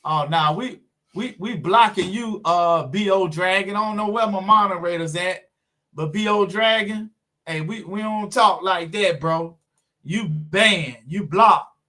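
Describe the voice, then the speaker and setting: A man's voice: high-pitched, a little slow, sharp tone. A man hosting a live car stream, chatting casually with viewers in a laid-back way. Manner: laid-back, talks to viewers, fills with "man" and "you know what I'm saying".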